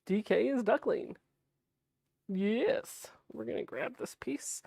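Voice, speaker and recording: A woman hosting a sewing livestream, talking softly and chattily as she thinks aloud while she works. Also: fairly high pitch, very animated, takes it slowly, vocal fry, slightly rough, dry recording, clean studio sound. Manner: soft-spoken, not projecting.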